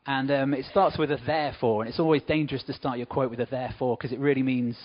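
A man's voice: mid-range voice, steady tone, quick pace, muffled recording. A man giving an informal church talk, chatting with asides to the congregation. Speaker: church speaker.

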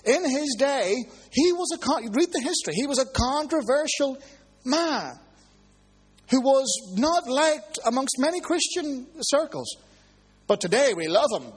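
Man, preacher, sermon, high voice, animated storytelling, hushed then soaring. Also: unhurried.

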